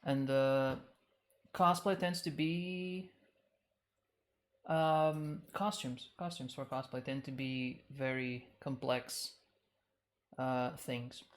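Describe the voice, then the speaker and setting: A woman with a low voice talks casually to her live stream viewers about cosplay plans. She sounds flustered and slightly out of breath, and she trips over her words and restarts often. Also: fairly even intonation, slow pace, pauses often. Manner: chatty, flustered, stumbling restarts.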